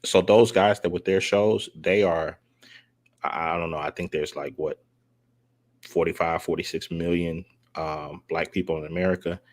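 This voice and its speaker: A man's voice: low-pitched, steady tone, normal speed. A man hosting a livestream, asking hesitant, probing questions with restarts. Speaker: livestream host. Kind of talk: interview questions.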